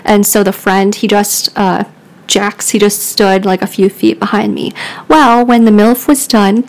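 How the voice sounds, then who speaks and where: A woman's voice: mid-range voice, steady tone, measured pace, rough recording. A woman hosting a podcast, telling a story in casual chat. She rambles, fills her talk with "like" and laughs often. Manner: rambling, filler-heavy with frequent "like". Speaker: podcast host.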